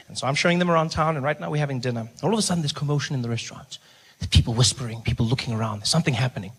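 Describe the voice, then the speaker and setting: A man's voice: medium pitch, husky. A man performing stand-up comedy, telling a story with animation and acting out his own inner thoughts. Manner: animated, acts out characters and inner monologue. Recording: live stand-up with audience noise.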